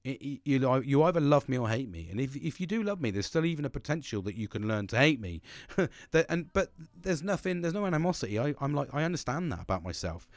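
A man in his forties talks candidly into a dry, close microphone. He rambles, restarts his sentences and swears constantly, in a voice of middling pitch. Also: sing-song, fast talker, no room sound. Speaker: podcast host. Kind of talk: candid personal monologue.

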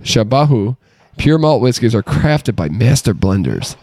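A man's voice: mid-range voice, big pitch swings, unhurried, dark tone, no echo. A man co-hosting a casual podcast, playful and teasing, tripping over words as he reads a label. His voice sits in the middle range and is recorded close and dry. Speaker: podcast co-host. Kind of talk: casual chat.

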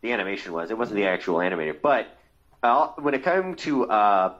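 A man's voice: lowish voice, expressive, fairly quick, a bit bright. A man in his thirties co-hosting a podcast, talking casually and hesitantly, with many fillers. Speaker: podcast co-host. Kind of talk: casual chat. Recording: dull lo-fi sound.

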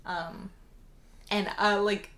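A woman co-hosting a casual movie review podcast, animated and acting out her reactions. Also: medium pitch, extremely slow. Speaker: podcast co-host.

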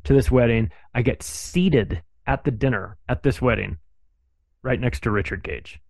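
A man speaking as a podcast guest in casual, conversational storytelling, animated and acting out other people's lines as he goes. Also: mid-range voice, moderate pace, vocal fry, no room sound.

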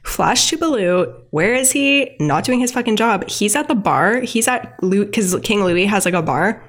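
A woman in casual chat, retelling a cartoon episode, saying "like" a lot and jumping up in pitch when she acts out the characters. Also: expressive, normal speed. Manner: chatty, heavy use of "like", acts out voices with big pitch jumps. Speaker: podcast co-host recapping a cartoon episode.

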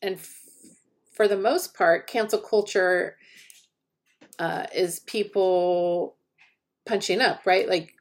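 A woman co-hosting a podcast, talking through a topic casually and thoughtfully, often pausing to restart her sentences. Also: fairly low pitch, fairly even intonation. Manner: thoughtful, hesitant, with many restarts. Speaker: podcast co-host. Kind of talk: casual discussion.

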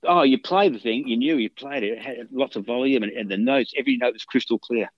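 A man's voice: medium pitch, fast talker, dry recording, dull audio. Rambling man telling guitar stories. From Australia. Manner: rambling anecdotes with many restarts and fillers. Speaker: guitarist guest. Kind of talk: casual interview storytelling.

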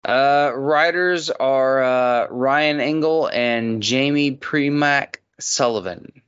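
A man hosting a casual movie podcast, reading out film facts slowly and swearing offhandedly. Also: medium pitch, fairly bright tone, clean tone, lo-fi sound. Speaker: podcast host.

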